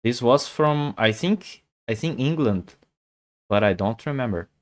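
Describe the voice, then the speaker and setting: A man's voice: medium pitch, animated, a little slow. Man in his forties, casual chess streamer, rambles and repeats himself. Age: 40s. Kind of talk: casual live-stream chat.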